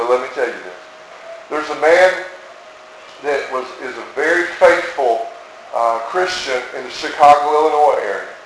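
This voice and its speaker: A man preaching a sermon in an earnest, emphatic way, often repeating his key phrases. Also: fairly high pitch. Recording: echoey room with faint noise.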